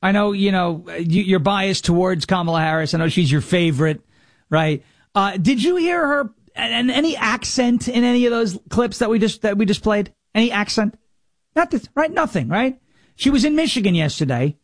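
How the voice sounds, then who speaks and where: Sarcastic high-voiced male talk host. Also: animated, moderate pace, no echo, studio quality. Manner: sarcastic, mocking, plays clips. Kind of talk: mocking political commentary.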